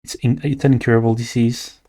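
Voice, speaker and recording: A man's voice: medium pitch, flat delivery, brisk, dark tone. A young man from Latin America with a Latin American Spanish accent, chatting casually and playfully on a livestream while he draws, rambling with lots of "like". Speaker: streamer and artist.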